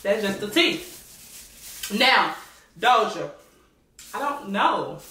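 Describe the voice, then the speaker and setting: A woman vlogger chatting casually while she eats, slangy and animated, often repeating herself. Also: mid-range voice, takes it slowly. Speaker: mukbang and reaction vlogger. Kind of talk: casual chat while eating. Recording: echoey room, mic at a distance, faint noise.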